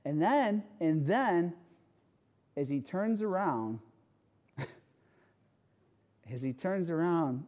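Warm-voiced pastor telling a story. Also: male voice, on the high side, extremely slow, pauses often. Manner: animated storytelling, rhetorical asides. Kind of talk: conversational sermon with personal story.

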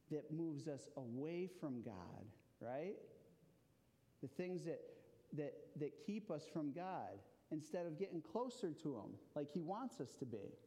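A man giving an interactive children's sermon in a church, asking the listeners questions as he goes. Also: a little high. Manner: animated, asks the audience questions. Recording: long hall reverb.

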